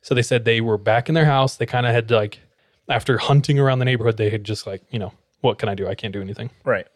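A man co-hosts a podcast and tells a story in a casual, chatty way. He acts out the people in it, his pitch swinging up for their lines. The sound is dry and close. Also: fast talker, dry recording. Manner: animated, acts out quoted dialogue. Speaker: podcast co-host.

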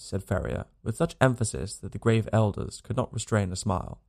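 Male audiobook narrator, strongly gravelly tone, measured and scripted. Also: lowish voice, animated, a little mellow.

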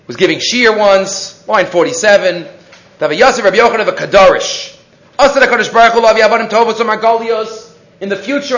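A man gives a Torah class in an animated, storytelling way. His voice sits high and swings widely as he acts out the people in his stories. The room echoes, and the recording sounds dull and lo-fi. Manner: animated, acts out quoted characters. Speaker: Torah teacher.

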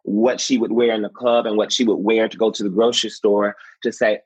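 Male actor guest, husky low voice, animated storyteller; dry, slightly muffled recording. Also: a little fast, hardly any pauses, no room sound. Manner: expressive, laughs often, acts out quotes.

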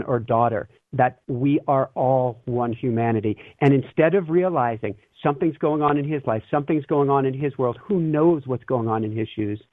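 A man's voice: medium pitch, no room sound. A man as a guest, talking earnestly and reflectively about love and fear, often breaking into a laugh. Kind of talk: casual spiritual talk. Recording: tinny phone-line sound.

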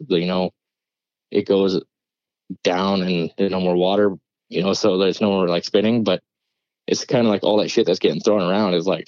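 A man's voice: deep voice, a little mellow, no echo, dull audio. A man, a podcast guest, telling a story casually with loose swearing and rambling asides. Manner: swears freely, rambling retelling.

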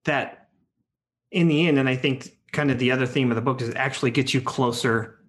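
Male co-host, mid pitch, reflective and meandering. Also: fairly even intonation, brisk. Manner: thoughtful, rambling with fillers. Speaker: podcast co-host. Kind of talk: casual podcast conversation.

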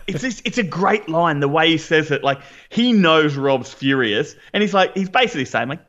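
A man co-hosting a podcast in casual chat, enthusiastic, quick, with frequent restarts. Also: a little high, expressive, a bit bright, highs cut off. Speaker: podcast co-host.

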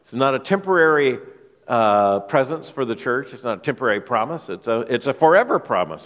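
A man preaching an expository sermon, his voice sitting in an ordinary middle pitch. He talks with emphasis and often repeats a word as he thinks aloud. His voice rings with a long reverb in a large church hall. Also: sing-song, fairly quick, fairly bright tone. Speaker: pastor.

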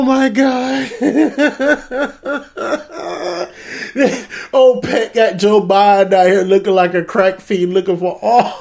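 A man hosting a comedic political rant, profane and laughing often. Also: high voice. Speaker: commentary show host.

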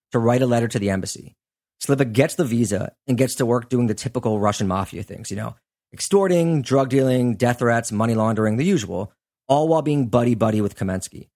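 A man's voice: mid-range voice, a little mellow. Chatty male podcast host telling a story. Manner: conversational, chatty, lots of "like" and "you know" asides. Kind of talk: casual storytelling chat.

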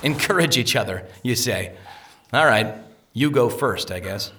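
A man's voice: medium pitch, lively intonation, a little slow, pushed and bright, slightly rough, heavily acted. A man voicing an earnest, indignant pilgrim who speaks firmly. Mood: wry. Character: steadfast, indignant male pilgrim.

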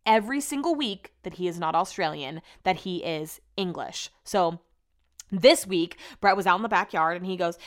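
A young woman hosting a podcast, telling home stories in a casual, chatty way, swearing freely and acting out quotes in a higher voice. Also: a little fast, clear, resonant tone. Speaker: podcast host. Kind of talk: casual storytelling chat.

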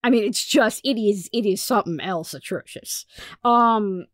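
A woman's voice: mid-range voice, moderate pace, a bit bright, no echo, studio quality. A woman co-hosting a podcast in casual chat, giving blunt, emphatic opinions. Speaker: podcast co-host.

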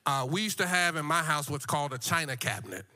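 A man preaches a sermon in a rising and falling African American church cadence. His voice sits high and rings bright and forceful. He stammers into repeated words and calls out to the congregation as he builds. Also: lively intonation, quick pace. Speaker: guest preacher.

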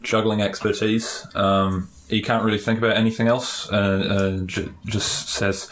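A man's voice: fairly low pitch, level tone, a little slow, few pauses, fairly bright tone. A man playing a tabletop game, describing his character in a playful, casual way. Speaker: player.

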